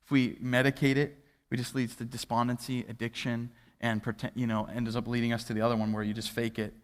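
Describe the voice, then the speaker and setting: A man's voice: mid-range voice, little pitch movement, fairly quick, smooth. A young adult man, a pastor, preaching a sermon in a church and telling self-deprecating stories in a conversational way. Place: church sanctuary. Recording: hall reverb from a church livestream.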